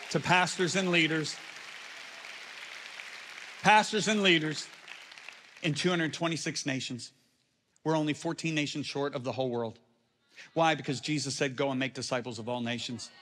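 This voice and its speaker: A middle-aged man preaches a storytelling sermon at an ordinary middle pitch. He drops into quiet asides and then climbs to loud, emphatic peaks. A long reverb from the big church hall trails each phrase. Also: a little hiss or hum. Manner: animated, swings from hushed to shouting.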